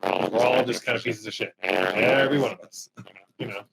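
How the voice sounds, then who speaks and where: A man chatting as a podcast guest, telling a rambling, animated take while his mic crackles with electrical feedback. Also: fairly low pitch, normal speed, vocal fry. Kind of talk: casual chat.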